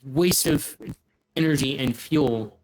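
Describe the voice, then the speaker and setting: A man's voice: medium pitch, takes it slowly, soft background music, lightly acted, poor audio. A man voicing an arrogant, scheming male scholar who speaks in a formal, cutting and pompous way. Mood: condescending.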